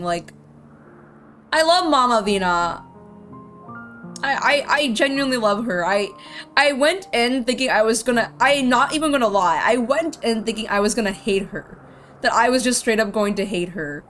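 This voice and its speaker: A woman's voice: fairly high pitch, animated, normal speed, fairly bright tone. A young woman streamer giving casual commentary on a game, emotional and gushing, rambling with restarts. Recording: game audio with music behind.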